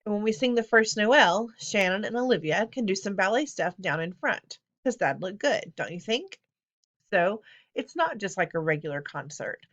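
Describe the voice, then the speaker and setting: A woman's voice: mid-range voice, lively intonation, moderate pace, fairly bright tone, dull audio. A woman voicing an earnest young boy who leads a school chorus and turns stern and commanding. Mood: eager. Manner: pleading then commanding. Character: bossy young boy choir leader, earnest.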